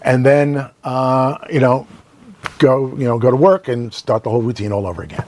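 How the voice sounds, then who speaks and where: An older man, a longtime radio broadcaster, telling stories as an interview guest in an animated way and often checking in with "right?". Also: medium pitch, normal speed. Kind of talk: casual storytelling interview.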